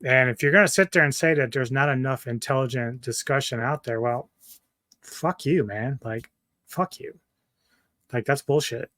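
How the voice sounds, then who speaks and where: A man's voice: mid-range voice, normal speed, a bit bright, no room sound, clean studio sound. A man hosting a reaction video, ranting angrily and cursing often. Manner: profane, angry, ranting. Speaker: commentary YouTuber.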